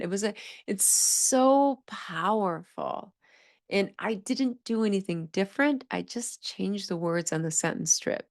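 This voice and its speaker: An adult woman speaks in an educational podcast monologue, clear and engaged. She acts out short children's phrases in a higher, livelier voice. Her tone is enthusiastic and encouraging. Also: measured pace. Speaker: podcast host, speech-language pathologist.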